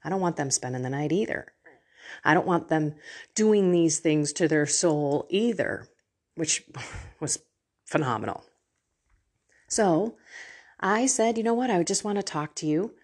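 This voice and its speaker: Middle-aged woman podcast host: husky, expressive, openly emotional as she teaches on faith. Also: sits low, measured pace, long pauses. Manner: emotional, candid, laughs often. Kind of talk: personal faith teaching to listeners.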